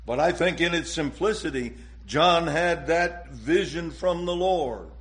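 Man, pastor, sermon, fairly high voice, slow deliberate delivery, dramatic emphasis. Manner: slow, deliberate preaching with dramatic rises and drops in pitch and loudness.

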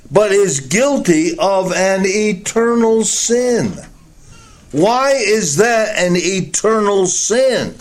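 A man preaching a sermon, teaching slowly and deliberately from the Bible with emphatic stresses. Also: on the high side.

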